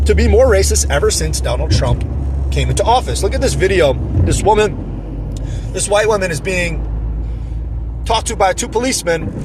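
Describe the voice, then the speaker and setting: A man's voice: sits high, background noise. A man giving indignant, sarcastic opinion commentary, mocking the people he quotes. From New Jersey.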